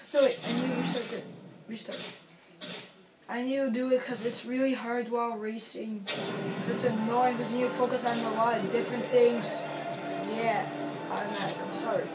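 A woman's voice: a little high, flat delivery, normal speed. A woman chatting in a rambling, self-correcting way while commenting on a racing game she is playing. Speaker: gaming video creator. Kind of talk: casual gameplay commentary. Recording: roomy sound with game music. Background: racing game music.

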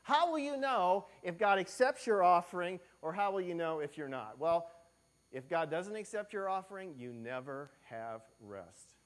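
A pastor delivering a sermon in church, asking the congregation many questions and swinging between loud and hushed delivery. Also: male voice, high voice, animated, normal speed. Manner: acts out quoted voices in his telling.

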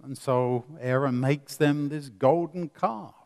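A man preaching a sermon, swinging between loud emphasis and quiet asides, with many rhetorical questions. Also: medium pitch, slow, vocal fry. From England. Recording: long reverb of a hall.

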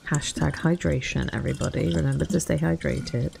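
Woman, low gravelly voice, chatty wry gaming commentary, faint hiss behind. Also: measured pace, a little mellow. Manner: chatty, wry self-talk while playing. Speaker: gaming channel host. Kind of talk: casual gameplay commentary.

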